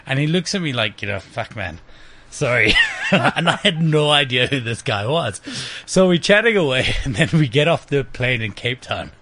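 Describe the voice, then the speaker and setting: Speaking at a medium pitch and normal speed with few pauses, this male podcast guest tells lively, casual stories full of laughter and the occasional curse. A faint hiss or hum sits under the recording.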